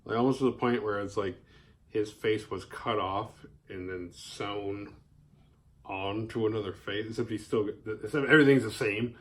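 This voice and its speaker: Male host recapping a horror movie, loose and profane, jumps into silly character voices. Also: moderate pace. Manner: animated, profane, acts out characters' lines in high voices. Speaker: horror film reviewer. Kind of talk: casual film recap.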